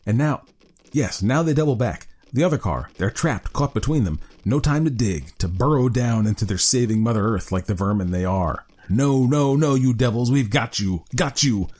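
A man's voice: mid-range voice, lively intonation, moderate pace, darkish tone, slightly rough. A man voicing a grim middle-aged man who hunts ghouls beneath the city, fervent and gloating. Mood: frenzied. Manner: fervent, rising to frenzied gloating. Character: grim middle-aged male underground ghoul-hunter chief. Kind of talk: dramatic story reading.

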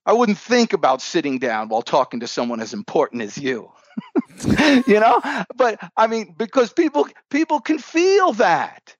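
An animated man, a sales coach, tells stories on a podcast with a lively, rather high voice that swoops up and down. He acts out his dialogue with energy while standing. The sound is dry and a little dull. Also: moderate pace, dry recording. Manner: animated, upbeat storyteller who acts out dialogue. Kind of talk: storytelling in a podcast interview.

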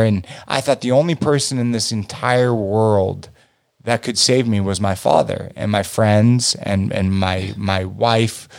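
A man telling a personal story in a casual chat, animated and profane, his voice jumping up when he acts out his younger self. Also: on the low side, creaky.

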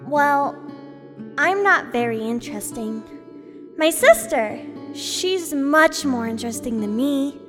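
A man's voice: very high voice, lively intonation, long reverb tail, over music, pitched above the performer's own voice, heavily acted. A man voicing a shy, hesitant young girl in a storybook reading. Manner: hesitant, halting. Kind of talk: audiobook character voice.

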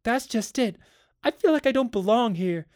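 A man reading aloud and voicing a tense, frightened housewife who speaks high and strained, near tears. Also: animated, normal speed, dry recording, clean studio sound. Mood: distraught. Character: anxious, tense housewife, adult woman.

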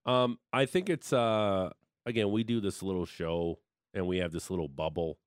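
A man's voice: low-pitched, moderate pace, clear, resonant tone, no room sound. A man hosting a sports radio show in the studio, chatting casually and teasing his guest. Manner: joking, teasing. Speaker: radio host.

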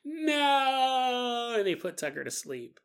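A woman's voice: mid-range voice, lively intonation, a little slow, sharp tone. A woman co-hosting a podcast, telling a story in a chatty way with joking asides. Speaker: podcast co-host. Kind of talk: casual storytelling.

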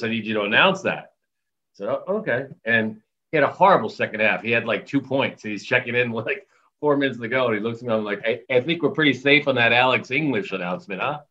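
A man who works as an arena announcer, telling stories in a casual interview with animated quoted voices and frequent laughter. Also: mid-range voice, dull audio. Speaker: arena public address announcer.

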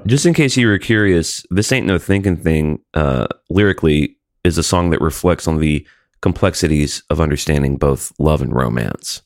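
A man in casual comedic chat, wry and animated, reading facts aloud with sarcasm. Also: a bass voice, normal speed, no echo, clean studio sound.

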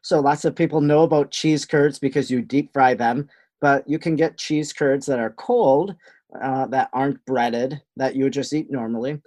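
A man with a Wisconsin accent, a guest answering in a steady, explanatory way. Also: medium pitch, normal speed. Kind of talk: casual interview answers.

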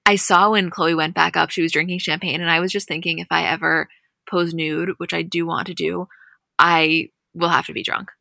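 A young woman co-hosting a podcast, casually recapping a reality show with chatty, animated storytelling. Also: lowish voice, normal speed, creaky, no echo, studio quality.

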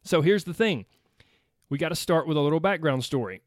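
A man's voice: on the high side, animated, fairly quick, no echo, clean studio sound. A man with a Southern US accent hosting his own weight loss podcast, chatty and upbeat, talking straight to his listeners. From United States. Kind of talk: solo podcast monologue.

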